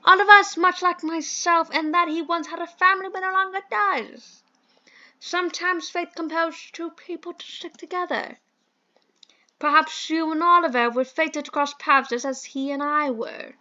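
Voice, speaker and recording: A woman voicing a fussy, flowery old-fashioned gentleman in a dating sim, with a put-on British accent and a pompous, theatrical manner. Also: very high voice, fairly even intonation, normal speed, highs cut off, full character voice.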